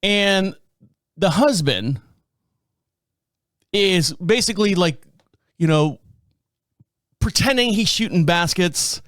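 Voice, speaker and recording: Casting note: male podcast host, somewhat high voice, animated storyteller who chuckles as he goes, dry close mic. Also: slow, long pauses, no room sound. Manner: animated, chuckling, acts out quotes. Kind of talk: casual storytelling.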